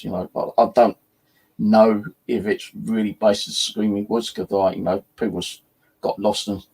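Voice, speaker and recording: A man hosting his own channel rambles through ghost stories in casual chat, swearing freely and filling gaps with "you know" and "like." His voice is fairly low, gravelly, warm, and slightly rough.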